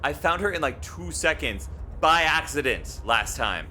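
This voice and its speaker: A man chatting casually while live streaming a video game, rambling and swinging between loud pleading and quiet mumbling. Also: a little high, lively intonation, unhurried, slight background noise.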